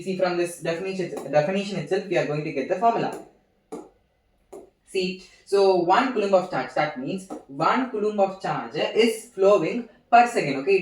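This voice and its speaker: A young man gives an informal physics seminar, halting and repeating phrases as he writes. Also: high-pitched, recorded from a distance. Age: young adult. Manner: halting, repeats phrases while writing on a board. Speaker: student giving a physics seminar. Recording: echoey room, voice from off-mic.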